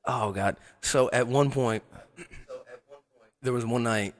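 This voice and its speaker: Taking his time, a young man with a medium-pitched voice co-hosts a podcast, sharing crude casual stories full of profanity and frequent laughter.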